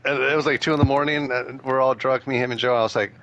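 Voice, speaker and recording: A man in casual podcast chat, telling stories in quick, animated bursts and laughing often. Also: mid-range voice, muffled recording.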